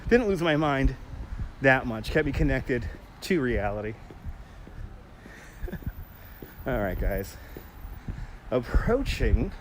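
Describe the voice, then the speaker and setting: Outdoors on a quiet city street at night, a livestream host strolls along, reads viewer comments aloud, talks with his audience, and laughs often. He has a mid-range voice, and the background is noisy.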